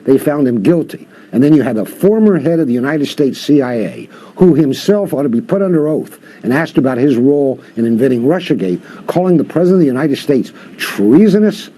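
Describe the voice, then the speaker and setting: A man's voice: medium pitch, animated, fairly quick, few pauses, mellow. An older man, a professor guest, giving impassioned interview commentary full of rhetorical questions.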